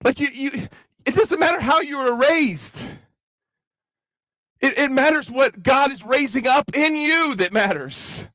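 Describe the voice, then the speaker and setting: A man with a Kentucky accent preaches to young people in a high, bright voice, mixing jokes into the sermon. The sound is dry and close, with no room echo. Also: unhurried. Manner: chatty, joking, animated preaching. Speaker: youth rally speaker. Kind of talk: conversational sermon with comic asides.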